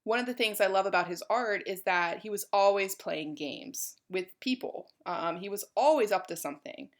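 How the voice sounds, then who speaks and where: A woman's voice: mid-range voice, normal speed. A woman giving a college art history lecture in a chatty, informal way, with many fillers.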